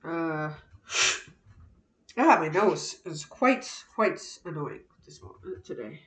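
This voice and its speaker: A woman chatting playfully to herself while building a craft project, often dropping to soft murmurs. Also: low-pitched, sing-song, slow pace. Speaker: craft vlogger. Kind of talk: casual narration while crafting. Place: indoors at a craft table. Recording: roomy echo.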